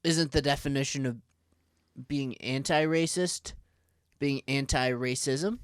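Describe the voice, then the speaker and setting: A man's voice: mid-range voice, measured pace, smooth, dry recording, clean studio sound. Rambling American man on a podcast. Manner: rambling, thinks aloud with many likes and restarts. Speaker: podcast co-host. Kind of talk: casual podcast chat.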